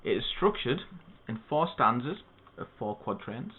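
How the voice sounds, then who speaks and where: A man's voice: mid-range voice, moderate pace, slightly rough. Man teaching a poem over tinny audio. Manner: steady, methodical teaching with spoken asides. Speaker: English literature tutor. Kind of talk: explaining a poem to students.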